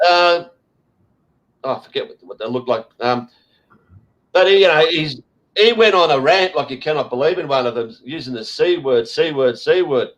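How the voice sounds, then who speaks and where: A man's voice: a little high, lively intonation, normal speed, fairly bright tone, poor audio. An Australian man hosting a casual chat, ranting bluntly with lots of swearing and fillers. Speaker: host.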